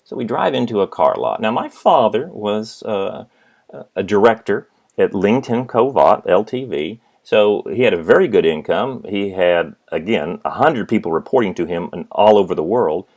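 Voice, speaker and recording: A middle-aged man giving a business lecture as a professor, telling stories in an animated way and acting out the people in them. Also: on the low side, moderate pace. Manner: animated storytelling, acts out his father. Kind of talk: recorded lecture.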